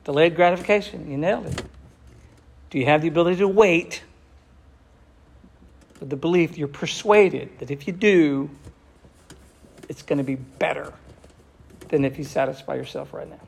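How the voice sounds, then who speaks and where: Male preacher, gravelly and a touch high, passionate sermon delivery with hushed drops. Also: slight background noise. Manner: impassioned, slows down for emphasis, drops to near whisper.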